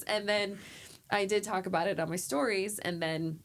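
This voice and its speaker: A woman therapist telling heartfelt stories in a podcast interview, animated and acting out the people she quotes. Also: mid-range voice, quick pace, a little hiss or hum. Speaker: therapist guest. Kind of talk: emotional conversational storytelling.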